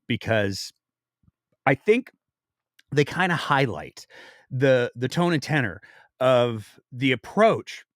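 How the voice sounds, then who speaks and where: Male podcast host, wry and sarcastic commentary, lively delivery. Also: mid-range voice, no room sound, clean studio sound. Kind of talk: casual commentary.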